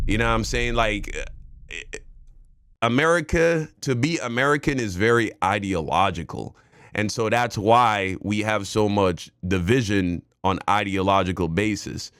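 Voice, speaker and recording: A man's voice: lowish voice, normal speed, a bit bright, smooth, no room sound, clean studio sound. A man giving casual, slangy, opinionated reaction commentary and talking straight to his viewers. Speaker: reaction streamer.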